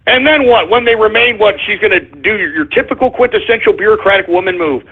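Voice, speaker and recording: A man's voice: high voice, lively intonation, fast talker, husky. A male talk radio host ranting about politics in a profane, sarcastic, combative way. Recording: phone-like lo-fi radio audio.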